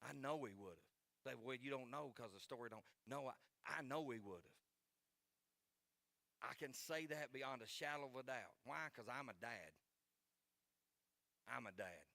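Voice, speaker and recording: A man's voice: medium pitch, a bit bright, no echo. A man, preaching a sermon in an earnest, folksy way and repeating key phrases for emphasis. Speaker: pastor.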